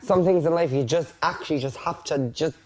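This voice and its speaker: Low-voiced blunt woman. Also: brisk, a little mellow. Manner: blunt, reassuring, sweary. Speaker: housemate. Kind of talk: casual heart-to-heart chat.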